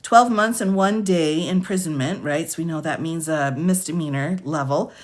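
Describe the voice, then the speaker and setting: Hosting a relaxed livestream, a female attorney whose voice sits low rattles through case lists, reading charges and sentences fast. She laughs a lot and addresses viewers by name.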